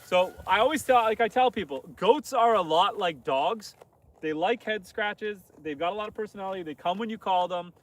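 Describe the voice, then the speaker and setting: This homesteader from Northern Canada has a high voice and a moderate pace as he streams live outdoors among his farm animals. Relaxed and rambling, he chats loosely and reads out what viewers write.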